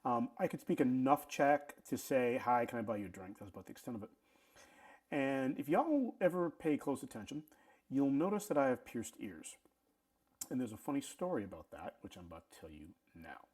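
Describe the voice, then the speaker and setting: A middle-aged man telling a casual story, animated, often stammering and restarting his sentences. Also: medium pitch, moderate pace, breathy edge. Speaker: vlog host telling a story.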